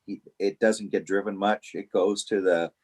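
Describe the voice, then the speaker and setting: A man telling a story on a casual podcast, animated and laughing as he goes. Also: lowish voice, normal speed, husky.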